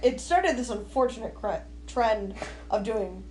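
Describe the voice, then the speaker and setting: A woman with a fairly high voice chats casually as a podcast co-host. She talks in an animated, jokey way and is quick to exclaim. Her voice carries a roomy echo over a faint hum. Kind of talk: casual chat.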